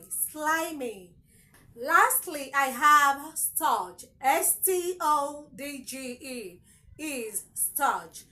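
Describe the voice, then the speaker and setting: A woman's voice: high-pitched, sharp tone, poor audio. A woman teaching a lesson, emphatic and repeating words to drill their pronunciation. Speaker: English teacher. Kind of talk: spoken English lesson.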